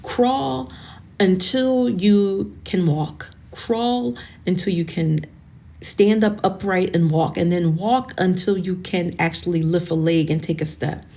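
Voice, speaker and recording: A woman's voice: fairly low pitch, a little slow, warm tone. A woman in her forties hosting a motivational podcast, talking to listeners in an earnest, encouraging way and sounding close to tears. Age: 40s. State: tearful, emotional. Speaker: podcast host.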